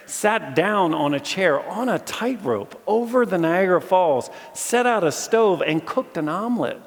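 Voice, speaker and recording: Animated male preacher in an echoing hall. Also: fairly high pitch. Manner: animated storyteller, jokes with audience. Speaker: campus chapel speaker. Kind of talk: sermon. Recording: long reverb of a large hall.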